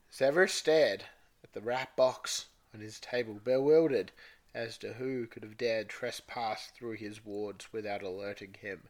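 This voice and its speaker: A man's voice: lowish voice, measured pace. A man co-hosting a podcast, reading fanfiction aloud in a playful way. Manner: playful, breaks into laughter while reading. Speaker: podcast co-host.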